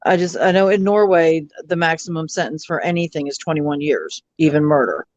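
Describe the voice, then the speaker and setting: A curious man with a slightly high voice asks questions in a casual group chat. His sound is close and dry. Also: a little fast, no echo, lo-fi sound.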